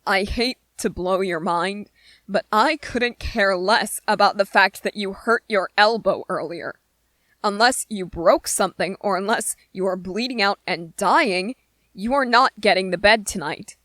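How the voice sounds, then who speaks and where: A woman's voice: mid-range voice, a little slow, fairly bright tone, dry recording, natural voice. Snippy sarcastic young trainee boy, woman doing him, whispered role-play, dry close sound. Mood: bitter. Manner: biting, sarcastic, strained. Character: irritable young male soldier trainee, sarcastic.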